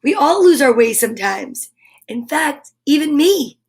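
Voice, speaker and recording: A woman voicing a calm, kind male pig from a picture book, speaking in a soothing, unhurried way. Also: high voice, voice pushed up, full character voice. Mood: reassuring.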